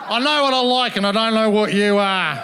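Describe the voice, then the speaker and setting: Brief: male stand-up, high voice, pompous and teasing crowd work, live audience laughing loudly throughout. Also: moderate pace, a little hiss or hum. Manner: pompous, florid, mock-formal and teasing. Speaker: stand-up comedian. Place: comedy festival stage.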